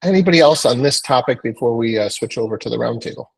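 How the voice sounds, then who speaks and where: Husky man hosting a group call. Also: medium pitch, fast, low-quality recording. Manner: loose, conversational, many fillers. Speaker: host of a real estate training call. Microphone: video call.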